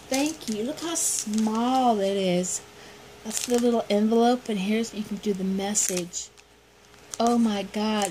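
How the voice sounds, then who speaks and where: A woman vlogger chatting casually through a haul video, gushing with excitement and repeating her thanks. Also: on the high side, slight background noise, low-quality recording.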